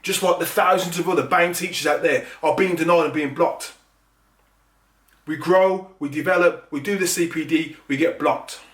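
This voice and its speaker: A man's voice: fairly high pitch, fairly even intonation, moderate pace, fairly bright tone, distant mic. A man, a teacher and middle leader from England, speaking in an earnest, emphatic monologue that builds into anger. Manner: earnest, rising to emphatic and angry. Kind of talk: impassioned monologue to camera. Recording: echoey room, away from mic.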